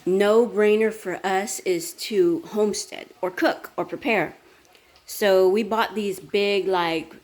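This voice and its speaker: Tired fitness-coach woman, chatty morning vlog, slightly low voice, rambling delivery. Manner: chatty, rambling, talks with her mouth full. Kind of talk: casual morning chat.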